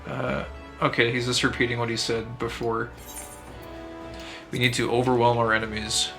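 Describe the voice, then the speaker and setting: A man's voice: medium pitch, level tone, normal speed, gravelly. A man giving casual, wry gaming commentary with frequent laughing asides, over faint game music. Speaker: streamer.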